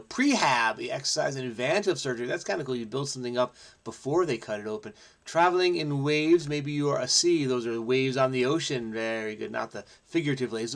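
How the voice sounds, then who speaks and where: A man from New Jersey solving a crossword aloud, excitable and frenetic, muttering to himself and breaking into snatches of song. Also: mid-range voice, creaky. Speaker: crossword solver host. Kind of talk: thinking aloud while solving.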